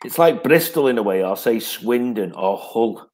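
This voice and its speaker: Man, 50s, rambling storyteller, mid-pitched voice. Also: expressive, moderate pace, a little mellow. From North West England. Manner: rambling anecdotes, laughing as he tells them. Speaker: guest. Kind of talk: casual chat.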